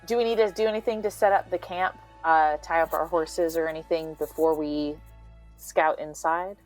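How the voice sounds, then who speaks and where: A woman's voice: sits low, fairly even intonation, moderate pace, faint music behind. A woman playing a tabletop game who talks through her plans in a practical, hesitant way. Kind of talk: casual play talk.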